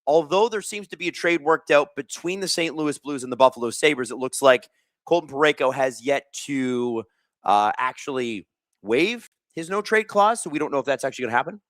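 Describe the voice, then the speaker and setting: With clean studio sound and no echo, this stream host speaks in a medium-pitched, bright, expressive voice, a little fast. He's a man in his thirties running a live hockey watch stream, snacking while he rambles through stories in casual chat, with lots of fillers and restarts.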